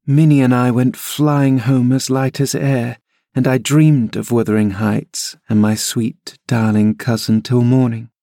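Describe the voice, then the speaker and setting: A man reading a classic novel aloud as an audiobook, measured and expressive, shifting his voice for the characters. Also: medium pitch, dry recording, clean studio sound. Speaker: audiobook reader.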